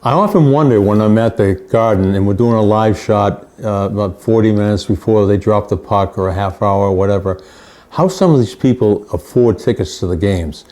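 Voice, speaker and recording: Older man, sports reporter, mellow tone, storytelling, repeats phrases for emphasis. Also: on the low side, moderate pace.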